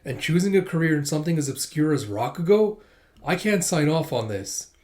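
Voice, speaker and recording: A man voicing a strict, formal woman high school teacher in a plain reading voice, stiff and lecturing. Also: expressive, brisk, a little mellow, lightly acted. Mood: stern.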